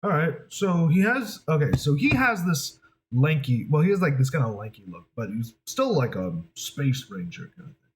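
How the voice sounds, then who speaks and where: A man's voice: on the high side, very animated, moderate pace. A young male voice actor chatting casually in a rambling, hesitant way, full of fillers. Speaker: voice actor, video creator. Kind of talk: casual chat.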